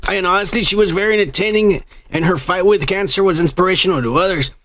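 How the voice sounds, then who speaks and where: Talking fast in a high-sitting voice over background noise, a man hosts a podcast full of crude, profane banter. He reads listener comments aloud and jokes around with his co-host.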